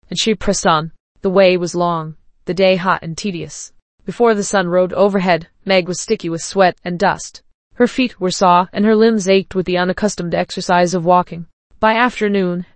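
A woman reading a story aloud in a steady, even way. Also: lowish voice, dry recording. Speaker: narrator.

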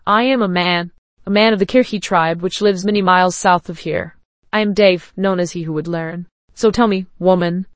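A woman's voice: fairly low pitch, steady tone, normal speed, no room sound, natural voice. Female reader voicing a blunt, teasing tribesman from a storybook, dry close sound.

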